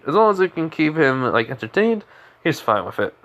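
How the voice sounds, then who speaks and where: A man's voice: fairly high pitch, sing-song, brisk, fairly bright tone. A young man improvising a fan story narration in a rambling way, full of restarts and fillers.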